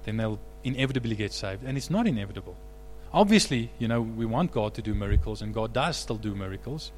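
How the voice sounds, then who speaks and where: A man preaching a sermon as pastor, animated, rising to loud emphatic peaks. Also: lowish voice, fast, in a large hall, a little hiss or hum.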